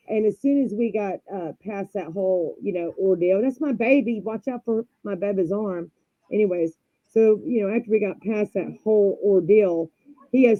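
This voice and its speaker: A woman's voice: medium pitch, normal speed, dry recording. Woman rambling through a story on a live podcast, dry muffled sound, puts on voices for the quotes. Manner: rambling, animated, acts out quotes. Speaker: podcast guest. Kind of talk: casual storytelling.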